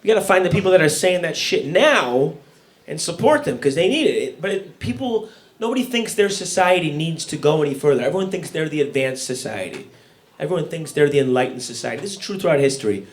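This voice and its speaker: A man whose voice runs a little high talks fast and animatedly through a comedy set. He rants with sarcasm, incredulity and plenty of profanity while the crowd in the live room laughs loudly.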